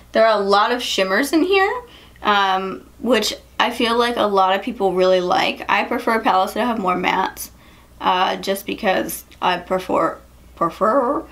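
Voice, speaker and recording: Chatty young woman with a creaky voice. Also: mid-range voice, fairly bright tone. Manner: chatty, lots of "like" and "um", quick laughs. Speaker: beauty vlogger. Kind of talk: casual storytelling and makeup review.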